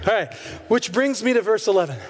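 High-voiced male preacher in an echoing hall. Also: brisk. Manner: candid, animated storytelling with self-deprecating humor. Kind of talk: sermon.

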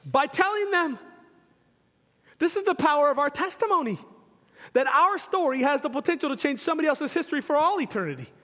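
A high-pitched male pastor preaching with fervent emphasis, repeating his phrases as he builds each point. His voice carries a long reverb from a large church sanctuary. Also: animated, brisk, sharp tone. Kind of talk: sermon.

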